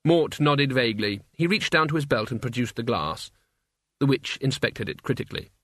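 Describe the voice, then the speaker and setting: A man reads an audiobook in a measured, wry storyteller's voice. His pitch sits in an ordinary middle range. The recording is dry and close, with no room sound. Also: animated, a bit bright, no echo. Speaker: narrator. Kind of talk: audiobook narration.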